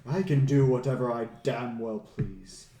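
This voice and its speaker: A man's voice: medium pitch, unhurried, mellow, roomy sound, lightly acted. A man voicing a gloating villainous lich mastermind who mocks his foe in a tabletop game. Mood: cold. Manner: taunting, mocking.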